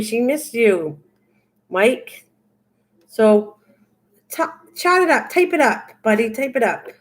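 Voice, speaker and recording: An older woman hosting a crafting livestream, chatting casually and reading viewers' comments aloud as she answers them. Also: fairly high pitch. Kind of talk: casual chat with live viewers.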